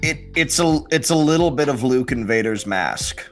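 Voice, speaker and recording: A man guesting on a casual film review podcast, speaking deliberately and searching for his words as he thinks aloud. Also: mid-range voice, animated, soft background music.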